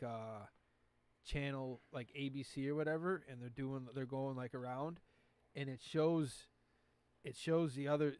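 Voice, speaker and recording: A man's voice: medium pitch, a little mellow, no room sound. A man hosting a podcast in casual chat, rambling and profane, with lots of filler words. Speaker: podcast host.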